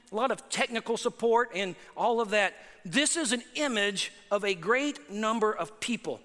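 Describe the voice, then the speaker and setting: A man preaching in a large hall, his high voice ringing out with a long reverb tail. He is emphatic and sharp-toned, and he keeps tossing rhetorical questions and asides to the congregation. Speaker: pastor. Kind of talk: sermon.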